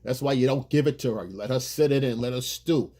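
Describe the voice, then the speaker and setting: A man coaching on dating in a husky, slightly breathy voice. He delivers his points emphatically, in a preachy lecturing manner, at an everyday pitch. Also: quick pace, warm tone. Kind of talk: monologue advice video.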